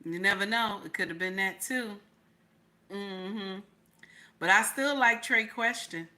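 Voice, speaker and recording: A woman reacting live to a clip and reading her chat aloud, loud and laughing, repeating her questions over and over. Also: medium pitch, unhurried.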